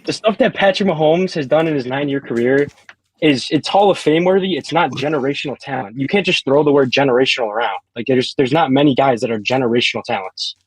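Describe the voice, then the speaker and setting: A man with a slightly husky voice argues his side in a loose live podcast debate, leaning on fillers and restarts. The sound is dry and close, with no room around it, as if through earbuds on a call. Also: medium pitch, fast, no room sound, poor audio. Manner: hesitant, filler-heavy, argumentative. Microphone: AirPods.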